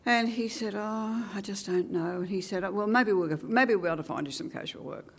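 An older woman with an Australian accent, a retired teacher, recounting her career with lively acted-out dialogue and wry asides. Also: medium pitch, a little fast, creaky, husky. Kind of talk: oral history reminiscence.

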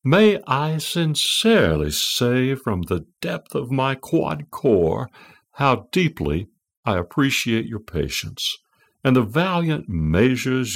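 A man voicing a sweet, grateful female computer with an English accent, speaking slowly and effusively. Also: lowish voice, pitched above the performer's own voice, exaggerated voice. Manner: slow, effusive and overly grateful.

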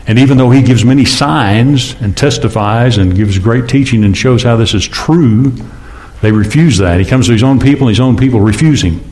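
A pastor preaches in church in a casual, conversational style, asking his congregation rhetorical questions, his pitch rising suddenly at times. His voice is a little mellow, at a moderate pace.

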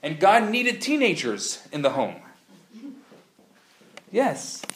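A man teaching a live class, an animated, playful storyteller who acts out the dialogue. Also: fairly high pitch, takes it slowly, slight background noise. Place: classroom at a community center. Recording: roomy live room sound.

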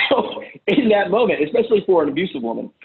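A man's voice: high-pitched, very animated, a little fast. A man coaching on relationships over a video call, blunt and profane, often acting out the voices he quotes. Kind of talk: casual advice talk on a call. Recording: tinny phone-like call audio.

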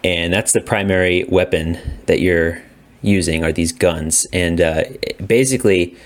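A man co-hosting a casual video game podcast, relaxed and rambling, laughing often. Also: sits low, a little slow. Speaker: podcast co-host. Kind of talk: casual gaming chat.

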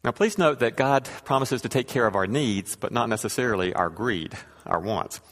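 A man's voice: medium pitch, moderate pace, a bit bright. Man preaching in a reverberant hall. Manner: conversational, wry, reads scripture aloud. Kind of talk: sermon.

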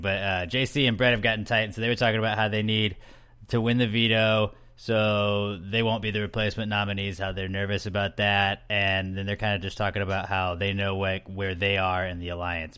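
A man's voice: fairly low pitch, level tone, brisk, bright, forceful tone, clear, resonant tone. A young man hosting a podcast, recapping in a loose, joking, rambling chat full of fillers. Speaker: podcast host.

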